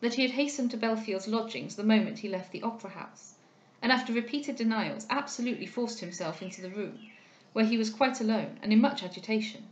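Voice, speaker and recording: A woman reading a classic novel aloud, in a measured, steady narration. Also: on the high side, highs cut off. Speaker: audiobook reader. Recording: roomy echo.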